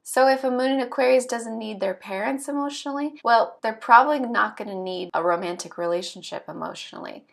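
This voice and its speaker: Woman with a gravelly edge, chatty. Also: fairly high pitch, fairly quick, hardly any pauses. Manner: chatty, conversational, frequent fillers. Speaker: astrology channel host. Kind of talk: casual explanatory monologue.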